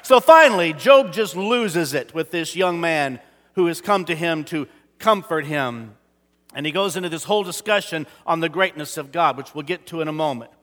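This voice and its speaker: A man delivers a sermon to a congregation, his voice high and bright. He swings from booming declarations to near-whispers and calls for responses from the room. Long reverb from a church hall trails every phrase. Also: expressive, moderate pace. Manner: dramatic, swings from loud to whispered. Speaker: pastor.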